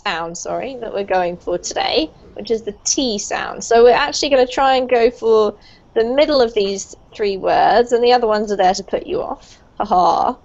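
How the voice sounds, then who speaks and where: A woman's voice: fairly high pitch, lively intonation, moderate pace, vocal fry, a little mellow. A woman teaching English pronunciation to an online group class, encouraging and praising her students. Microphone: video call. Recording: muffled lo-fi video call audio.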